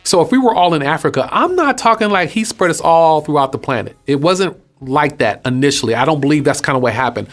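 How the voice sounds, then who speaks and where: A man from Texas talking casually to his audience as host, preaching in a lively, conversational way and asking them questions. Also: fairly high pitch, brisk, hardly any pauses. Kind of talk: casual spoken teaching.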